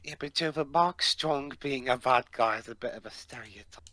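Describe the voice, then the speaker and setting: A man's voice: medium pitch, normal speed, pushed and bright, slight background noise, rough recording. A man chatting casually and a bit hesitantly during a group movie commentary. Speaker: commentary co-host.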